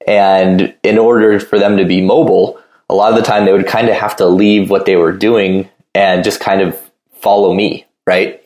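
A man's voice: low-pitched, a little mellow, roomy sound. A man in casual chat, talking in a loose, rambling way full of fillers.

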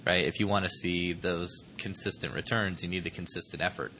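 A man's voice: low-pitched, steady tone, brisk, bright, forceful tone, slight background noise. A man hosting a podcast, talking candidly and reflectively, swearing casually. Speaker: podcast host. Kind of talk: conversational podcast interview.

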